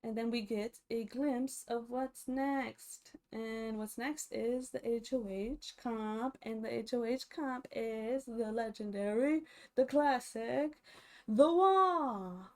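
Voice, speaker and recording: A woman's voice: on the high side, fairly even intonation, slow pace, few pauses, warm tone. A young woman casually recapping a reality TV episode, chatty and full of fillers and restarts.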